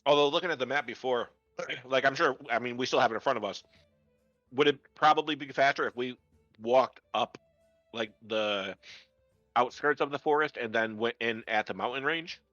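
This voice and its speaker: Heller, zögernder Spieler. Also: male voice, medium pitch, moderate pace, a bit bright, dry recording, highs cut off, soft background music. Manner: tentative, thinking aloud. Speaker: player. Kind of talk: casual table talk.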